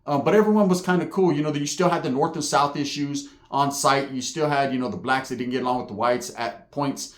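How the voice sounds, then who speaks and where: A man's voice: mid-range voice, a little fast, hardly any pauses. A man who is a former inmate, telling a story casually in profane street slang. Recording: echoey room.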